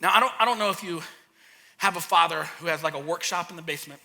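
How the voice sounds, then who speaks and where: A man who is a pastor and a parent, preaching a sermon and acting out a childhood story with lively energy. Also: fairly high pitch, fast talker, vocal fry, a little hiss or hum. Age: young adult to middle-aged, a parent. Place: church hall. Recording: long hall reverb.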